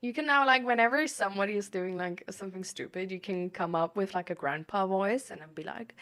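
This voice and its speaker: A woman's voice: mid-range voice, fast talker, few pauses, fairly bright tone. A young woman streaming and answering chat questions in casual talk, rambling with lots of "like" and "um". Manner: rambling, fills every phrase with "like" and "um".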